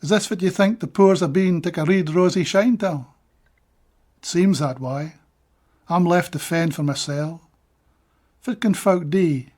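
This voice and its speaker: A Scottish man giving a measured, deliberate poetry reading of his own translations, with brief plain-spoken asides between poems. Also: a little high, darkish tone.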